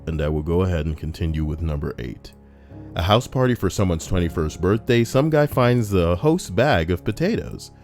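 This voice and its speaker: A young man casually reading a list aloud on a live stream and chatting with viewers, animated and prone to ranting in put-on voices. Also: moderate pace. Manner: animated, breaks into high-pitched put-on voices and rants. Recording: soft music underneath. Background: soft background music.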